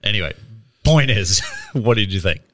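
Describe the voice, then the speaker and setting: A man's voice: fairly low pitch, animated, moderate pace, a bit bright. A man, chatting casually about a trailer, swearing freely and laughing often. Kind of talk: casual chat reviewing a trailer.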